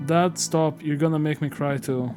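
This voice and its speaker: A man voicing a sweet, teasing teenage daughter while reading game dialogue aloud in a gentle, playful way. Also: a little high, fairly even intonation, normal speed, music in the background, close to an everyday voice.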